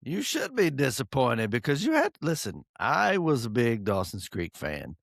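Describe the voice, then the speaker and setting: A middle-aged man, teasing and laughing through a casual podcast chat. His pitch swings widely, and the recording is close and dry with no room sound. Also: huge pitch swings, moderate pace, vocal fry, no room sound. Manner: joking, teasing, laughs often. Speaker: podcast co-host.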